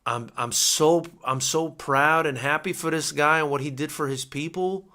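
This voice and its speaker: Bright-voiced emotional male fight streamer. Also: on the high side, moderate pace. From United States. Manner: excitable, repeats himself, emotional. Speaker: boxing live-stream host. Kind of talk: live fight companion commentary.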